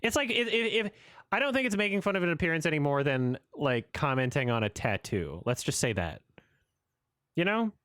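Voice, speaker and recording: A man's voice: a little high, big pitch swings, fairly quick, a bit bright, clean tone, dry recording. A man streaming a reaction video, giving casual, sarcastic and exasperated commentary.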